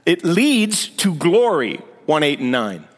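A man's voice: fairly high pitch, sing-song, takes it slowly. A male senior pastor giving a conversational sermon with sarcastic asides, building to emphatic points. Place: church sanctuary. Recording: long reverb of a big hall.

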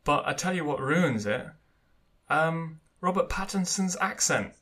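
Male podcast co-host, bright voice, chatty, hesitant fillers. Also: fairly high pitch, animated, measured pace. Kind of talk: casual chat.

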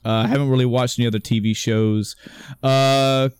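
A man's voice: medium pitch, steady tone, a little fast, clear, resonant tone, no room sound. Rambling male podcast co-host, dry sound. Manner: rambling, self-correcting storyteller who swears casually; acts out characters' lines while retelling. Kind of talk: casual chat.

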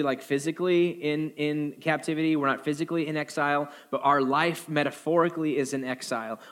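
A man preaching a sermon as a pastor, animated and jokey, acting out quoted voices in a higher pitch.

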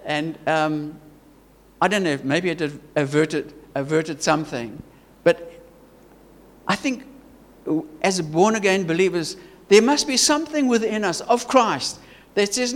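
High-voiced South African preacher. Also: male voice, animated, measured pace, long pauses, in a large hall. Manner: earnest, emphatic, stumbling restarts and repetition. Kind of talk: sermon.

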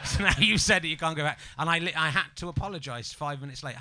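A man's voice: a little high, fast, few pauses, sharp tone. An English man in casual chat, cheeky and sweary, laughing often. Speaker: podcast host.

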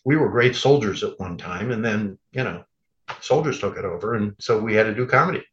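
Wry rabbi telling stories, dull sound. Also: male voice, fairly low pitch, expressive, brisk. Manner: wry, acts out quoted lines with chuckles. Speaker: rabbi, podcast guest. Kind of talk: conversational storytelling.

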